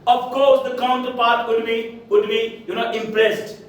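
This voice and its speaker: Echoey, slow-drilling Indian English teacher. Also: male voice, very high voice, flat delivery, distant mic. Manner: repetitive, drilling phrases with rhetorical checks. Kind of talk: spoken English lesson. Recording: very echoey room, voice from afar.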